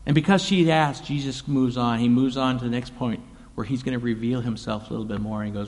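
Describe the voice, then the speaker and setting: A man preaching in a loose, chatty way, paraphrasing the passage in plain modern speech. His voice sits at an ordinary middle pitch. The room leaves a long reverb trailing after each phrase. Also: fairly even intonation, quick pace. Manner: conversational, paraphrases scripture in casual voices. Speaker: pastor. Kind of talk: sermon.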